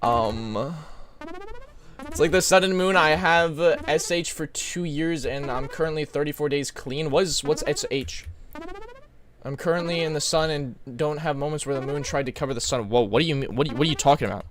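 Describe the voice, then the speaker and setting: A man's voice: fairly high pitch, moderate pace. A young man live-streaming in casual chat, slangy and rambling as he thanks donors and reacts to guests.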